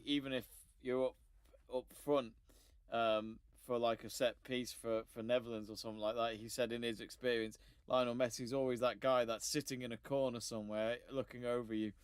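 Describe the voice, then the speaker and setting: Smooth-voiced man hosting sports chat. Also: medium pitch, little pitch movement, normal speed, no echo. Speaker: host.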